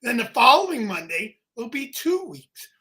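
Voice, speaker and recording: A man in his twenties co-hosting a comedy chat show, teasing the others and bursting into loud exclaiming. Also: very high-pitched, big pitch swings, moderate pace, breathy edge. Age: 20s. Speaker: co-host.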